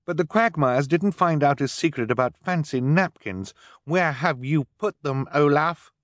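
Man playing earnest teen girl, high and urgent, dry read. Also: lively intonation, unhurried, no room sound. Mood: accusing. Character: brave clever teenage girl.

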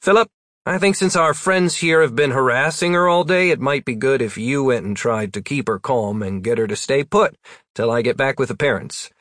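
A man's voice: mid-range voice, moderate pace, fairly bright tone, dry recording, studio quality, natural voice. A man voicing a practical, wry male wizard in a storybook reading, in a plain voice.

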